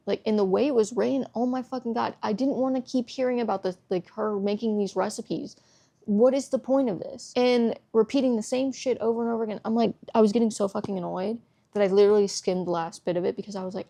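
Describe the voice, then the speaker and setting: Gravelly-voiced woman ranting about a book. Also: mid-range voice, steady tone, brisk, mellow. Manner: exasperated, swears a lot. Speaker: book vlogger. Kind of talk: casual book review rant.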